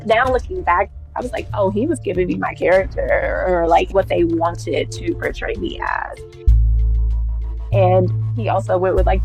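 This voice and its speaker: A woman's voice: medium pitch, moderate pace, gravelly, soft background music. Wry young woman reflecting back. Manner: reflective, wry, acting out quotes. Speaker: former contestant, interviewee.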